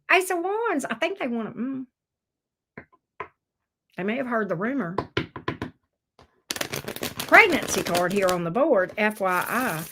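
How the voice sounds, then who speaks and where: Sassy, lively middle-aged woman. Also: sits high, a little hiss or hum. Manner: sassy, teasing, talks straight to the viewer. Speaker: tarot reader. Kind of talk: casual tarot reading.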